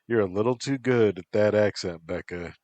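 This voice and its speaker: A man's voice: lowish voice, moderate pace, a little mellow, dry recording, muffled recording, natural voice. A man voicing a joking young male student.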